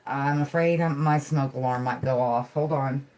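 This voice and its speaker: A woman hosting a healing livestream, speaking soothing affirmations and chatting casually with soft, giggly asides. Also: a bass voice, steady tone, moderate pace. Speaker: livestream host.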